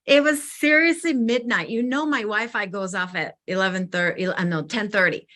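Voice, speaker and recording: A woman co-hosting a live wellness session, talking in a chatty, animated, self-deprecating way. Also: medium pitch, normal speed. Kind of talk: casual talk.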